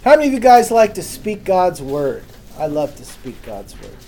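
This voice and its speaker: A man teaches from the Bible to a small gathering in a loose, conversational way. His voice is mellow and dark, and he keeps turning to the listeners with questions. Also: sits high, wildly swooping pitch, moderate pace, slight background noise. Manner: casual, chatty, asks the audience questions. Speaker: preacher. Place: room with a small live audience.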